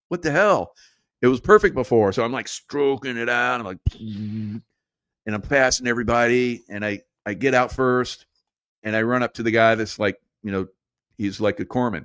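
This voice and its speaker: Rambling low-voiced man, dry sound. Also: fairly bright tone, dry recording. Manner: rambling, conspiratorial, laughs often. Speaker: podcast host. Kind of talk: casual storytelling monologue.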